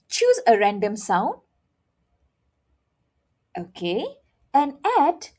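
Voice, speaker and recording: A woman teaches a beginner language lesson in a husky, breathy voice that sits fairly high. She speaks slowly and patiently, with a lively, swooping pitch as she models each sound. She checks in with her learners again and again. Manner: expressive, exaggerated tones when modeling sounds; repeats "all right?" to check understanding.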